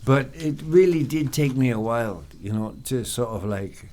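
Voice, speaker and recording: A man's voice: mid-range voice, animated, normal speed, dark tone. An English man with an English accent in casual podcast chat, rambling with many fillers and frequent swearing. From England. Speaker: podcast guest.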